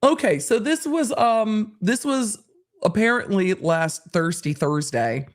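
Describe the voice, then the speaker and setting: A woman's voice: mid-range voice, lively intonation, slow pace. A woman hosting a live stream, reading out social media replies with laughing, incredulous reactions. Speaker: host.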